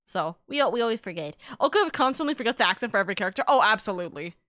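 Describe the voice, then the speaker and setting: A woman's voice: mid-range voice, expressive, very fast, bright, forceful tone, dry recording. Rambling young woman streamer, dry sound. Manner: rambling, swears freely, many "like"s. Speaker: streamer host. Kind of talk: casual chat on a live stream.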